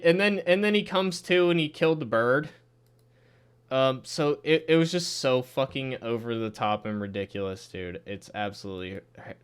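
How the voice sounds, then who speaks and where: A man's voice: a little high, fairly bright tone, clean tone. A man casually reviewing a show episode, exasperated and sarcastic, swearing often and laughing in disbelief.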